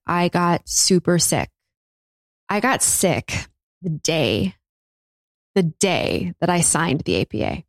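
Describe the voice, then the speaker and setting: Woman in her thirties, podcast host; frank and spiritual, low-set voice, recorded dry and close. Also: animated, slow, no echo. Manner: candid, spiritual, swears casually. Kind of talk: reflective solo podcast monologue.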